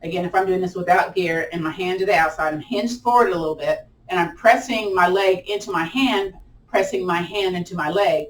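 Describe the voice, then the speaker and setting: A woman's voice: fairly low pitch, fairly quick, far from the mic. A woman with a lilt talks a chair yoga class through each move, chatty and encouraging, and lets out a playful whoop while they hold a pose. She sounds a little way off from a camera mic in a roomy space with a noticeable echo. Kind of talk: live online exercise class instruction.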